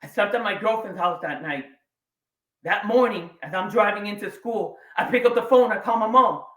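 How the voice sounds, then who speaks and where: A man in his forties giving a keynote talk on stage, telling a personal story with dramatic pauses and sudden swings between quiet and loud. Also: high voice. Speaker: keynote speaker. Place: large event room or hall. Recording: echoey hall, voice a bit distant.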